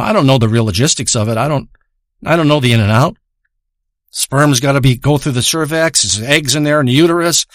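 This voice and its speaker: A man's voice: mid-range voice, brisk, no room sound, studio quality. A man telling a long personal story, profane, emotional and rambling.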